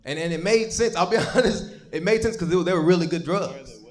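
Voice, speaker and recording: A man's voice: high-pitched, animated, a little fast. A young man doing a live stand-up set on a comedy stage, telling rambling, profane stories with lots of stammered restarts. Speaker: stand-up comic.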